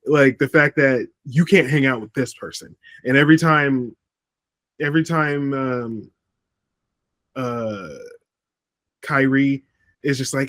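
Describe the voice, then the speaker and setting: A man's voice: medium pitch, steady tone, a little slow, long pauses, fairly bright tone, dry recording. A man co-hosting a podcast, talking casually about wrestling and often stopping on ums and restarts. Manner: rambling, with frequent ums and restarts. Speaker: podcast co-host. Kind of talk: casual wrestling review chat.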